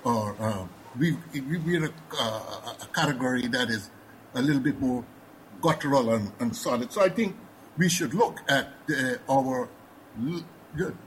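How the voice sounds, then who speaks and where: A man with a Guyanese accent speaking as a panelist in a discussion, measured and professorial with frequent hesitations. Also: medium pitch, slight background noise, low-quality recording.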